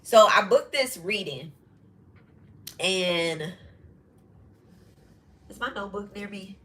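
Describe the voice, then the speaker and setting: A middle-aged woman with a bright, forceful voice talks straight to her viewers in casual podcast chat. She is blunt and profane, with quick asides and laughter. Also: medium pitch, lively intonation, a little hiss or hum, rough recording. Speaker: podcast host.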